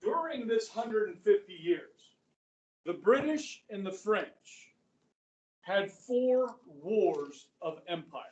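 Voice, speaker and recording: A middle-aged man teaching a high school history class, chatty, quizzing students and saying "okay" often. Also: expressive, slow pace, muffled recording. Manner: conversational, asks the class questions, frequent "okay". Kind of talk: classroom lecture. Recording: echoey room, voice from far off.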